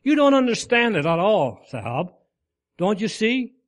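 A man's voice: high voice, very animated, unhurried, pitched above the performer's own voice. A man voicing an old pearl diver in a sermon story, speaking earnestly and pleadingly. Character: old male pearl diver, grave and devoted.

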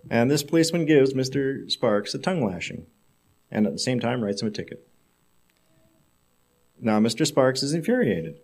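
A male preacher delivering a sermon, telling a story in measured, emphatic phrases. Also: medium pitch, very animated, vocal fry, darkish tone.

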